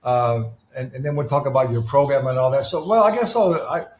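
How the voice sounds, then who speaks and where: A man hosting a casual interview, speaking in a relaxed, halting way with many restarts. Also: medium pitch. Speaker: host. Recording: echoey room.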